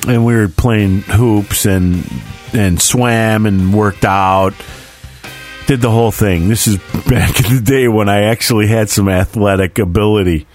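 A man's voice: on the low side, fairly even intonation, a little slow, a little mellow, faint music behind. A man in his forties telling a story as a podcast co-host, swearing freely and acting out his reactions. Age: 40s. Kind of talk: casual storytelling chat.

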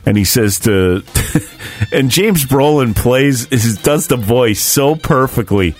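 A man's voice: mid-range voice, animated, takes it slowly, soft background music. A man in casual chat, rambling through a story with lots of swearing and laughs.

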